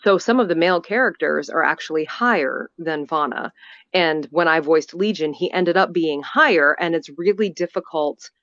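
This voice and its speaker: A female voice actor chatting about her warm-up routine in an interview, over a video call. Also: low-pitched, moderate pace, dry recording, highs cut off. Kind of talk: remote interview.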